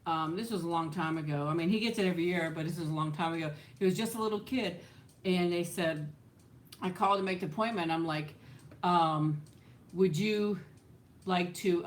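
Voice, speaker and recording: A woman hosting a casual livestream, chatting and answering viewer comments, laughing often and trailing off with "so". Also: fairly low pitch. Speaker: livestream host. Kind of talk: casual live chat reading viewer comments.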